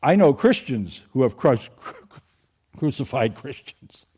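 A man's voice: mid-range voice, big pitch swings, measured pace, mellow, slightly rough. A man preaching a sermon in a conversational way, asking his congregation questions. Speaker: pastor.

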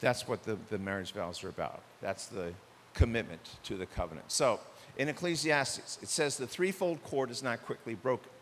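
A man's voice: mid-range voice, normal speed. Older male pastor preaching in a reverberant hall. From United States. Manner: animated, acts out dialogue in shifting voices. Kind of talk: sermon. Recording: long hall reverb with faint hiss.

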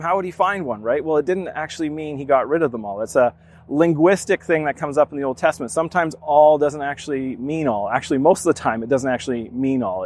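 Man preaching a casual Bible teaching. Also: fairly high pitch. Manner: conversational, reads scripture then explains with restarts. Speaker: pastor.

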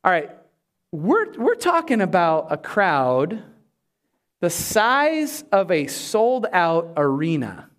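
A pastor delivering a sermon, emphatic and animated, with humorous asides to the congregation. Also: male voice, sits high, slow pace.

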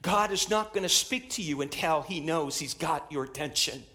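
A man's voice: a little high, moderate pace, pushed and bright. A man preaching a sermon to his church in an emphatic style, repeating phrases as he builds intensity. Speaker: pastor.

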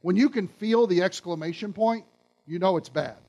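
A man's voice: high-pitched, normal speed, a little mellow. A male pastor giving a sermon, emphatic and asking his listeners questions.

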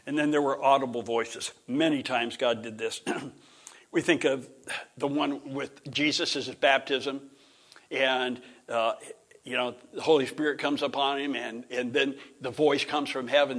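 A middle-aged man teaching a Bible lesson in an informal lecture style, rambling, restarting sentences, clearing his throat and chuckling. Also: mid-range voice, fairly even intonation, measured pace, fairly bright tone.

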